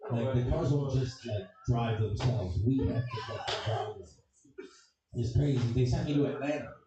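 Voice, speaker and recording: Crude rambling stand-up comic. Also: male voice, medium pitch, normal speed, heavy reverb, recorded from a distance, dull audio, a loud crowd. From Chicago. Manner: crude, rambling, swears constantly. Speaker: stand-up comedian. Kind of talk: stand-up comedy set. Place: comedy club stage.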